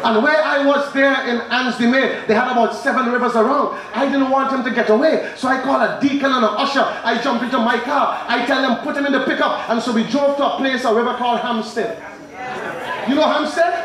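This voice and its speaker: A man preaching an evangelistic sermon, telling stories and quizzing the congregation, building to shouts. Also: very high-pitched, fairly quick. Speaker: pastor. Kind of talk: evangelistic sermon with call and response. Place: church or tent with congregation. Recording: very echoey hall with crowd.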